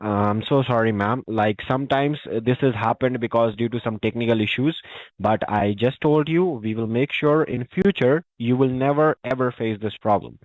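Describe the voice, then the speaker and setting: A man's voice: mid-range voice, normal speed, no room sound. Support-agent caller, man, mid voice, constant apologies; dull, dry phone audio. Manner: overly polite, apologetic, keeps saying ma'am. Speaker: scam caller posing as tech support. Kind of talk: scripted support phone call. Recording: muffled phone line.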